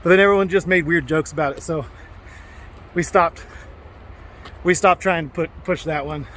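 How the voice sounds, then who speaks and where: A man with a somewhat high voice talks casually to his viewers, cracking jokes and wandering off on tangents with plenty of ums and uhs. He records on a handheld camera as he moves through a small mountain town, with faint outdoor noise behind him. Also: moderate pace, a bit bright. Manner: joking, rambling with many fillers. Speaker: trucking vlogger. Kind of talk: casual vlog chat to camera.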